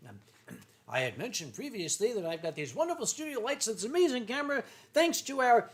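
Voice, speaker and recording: A man hosting a casual livestream while drinking, rambling, swearing freely, clearing his throat and reading viewer messages aloud. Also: extremely high pitch, very animated, brisk. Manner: rambling and profane, reads chat aloud, frequent throat clearing. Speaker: livestream host.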